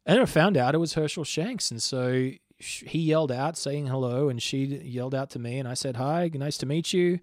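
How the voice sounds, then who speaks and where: A man's voice: medium pitch, moderate pace, dry recording, studio quality. A man in his thirties hosting a program, talking conversationally with frequent restarts and personal asides. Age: 30s. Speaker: host. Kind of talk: casual spoken commentary.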